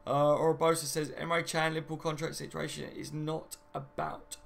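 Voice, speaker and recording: A man's voice: a little high, flat delivery, moderate pace, creaky. A young man hosting a casual live stream from home, reading viewer comments and laughing often. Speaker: fan channel host.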